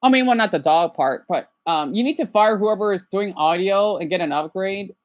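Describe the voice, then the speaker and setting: A man rants through a casual livestream reaction. His voice sits high and swoops up and down, from low grumbles to sudden yells off to the side. The sound is close and dry. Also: lively intonation, moderate pace, no echo, lo-fi sound. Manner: agitated, rambling, swings from quiet mutters to loud outbursts; shouts at someone off to the side.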